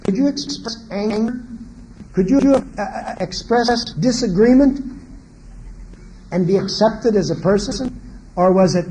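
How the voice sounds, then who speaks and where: This seminar speaker's high voice moves at a measured pace with long pauses, over a low-quality recording carrying a little hiss or hum. Lecturing on marriage, he animatedly quizzes his audience again and again and plays out quoted lines from parents and kids.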